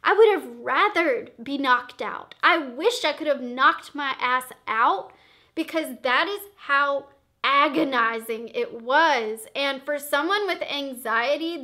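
A young woman vlogger telling a dramatic story in a casual, profane, animated way. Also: high-pitched.

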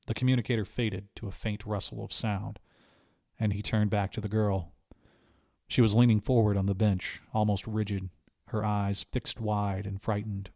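A man reading a short story aloud as an audiobook narrator, with steady, even storytelling. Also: on the low side, normal speed, no echo, clean studio sound. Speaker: audiobook reader. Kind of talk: scripted narration.

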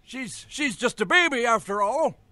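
A man voicing a forgetful elderly grandfather in a cartoon, who talks slowly and haltingly and trails off. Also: extremely high pitch, lively intonation, bright, forceful tone, no echo, exaggerated voice. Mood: fond. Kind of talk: cartoon voice acting.

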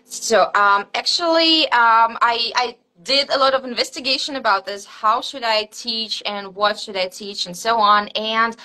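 Female teacher as interview guest, bright, sharp voice, patient explaining, frequent fillers. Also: on the high side, measured pace, hardly any pauses, rough recording. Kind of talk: casual interview answers.

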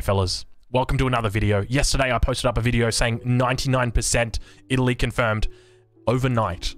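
A young Australian man hosting a casual, excitable live reaction to game news, rambling and joking. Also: lowish voice. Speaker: gaming YouTuber.

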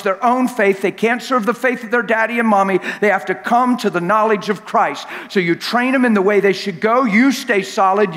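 High-voiced impassioned man preaching. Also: fairly bright tone. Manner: impassioned, acts out scenes and voices. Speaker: pastor. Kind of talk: sermon. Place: large church hall. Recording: long church hall reverb.

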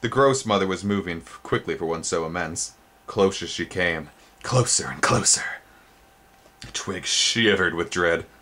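A deep-voiced man reads a storybook aloud with a theatrical flair. His voice leaps upward on exciting words and slows to linger on them. He stops now and then to show the book's pictures. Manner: theatrical, sudden pitch jumps on exciting words. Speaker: storybook reader. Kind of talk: dramatic storybook reading.

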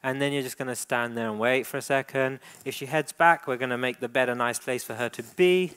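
A man coaches a live dog-training demonstration, guiding handlers step by step. He gives steady, encouraging praise at a middling pitch. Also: a little fast, clear, resonant tone.

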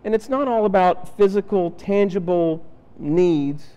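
In a reverberant church hall, a man delivers a conversational sermon from the sanctuary, voicing the Bible characters in his stories. His voice is high and warm, smooth and a little slow, with the highs cut off.

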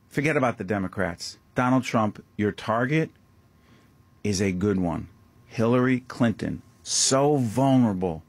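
Impassioned New talk radio host. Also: male voice, medium pitch, dry recording. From Newark, New Jersey. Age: 50s. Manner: impassioned, emphatic, rhetorical questions. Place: radio studio, standing. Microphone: studio microphone.

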